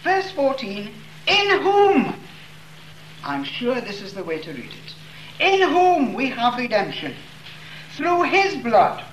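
A man preaching a sermon, reading scripture slowly and leaning hard on the key words. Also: sits high, fairly bright tone. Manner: slow, emphatic reading of scripture with stressed words. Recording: roomy echo with faint room noise.

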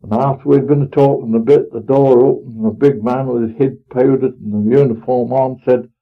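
A man's voice: mid-range voice, fairly even intonation, brisk, close to an everyday voice. A man playing an elderly, pious farmer with a rural Norfolk dialect, telling his tale in a homely, earnest, rambling way. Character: elderly pious rustic farmer, plain-spoken. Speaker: storyteller in character. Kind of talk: dramatic monologue reading. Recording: tinny phone-like old recording.

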